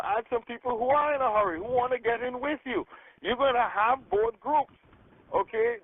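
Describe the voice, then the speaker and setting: A man leading a group call as a sales coach, giving an energetic motivational talk, checking in with "okay?" and acting out phone conversations. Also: very high voice, gravelly, husky. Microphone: telephone. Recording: tinny phone line.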